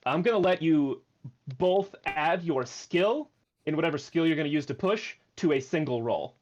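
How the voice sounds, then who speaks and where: A man's voice: a little high, expressive, moderate pace, darkish tone, muffled recording, a little hiss or hum. A man running a tabletop game as game master, explaining the rules and thinking aloud.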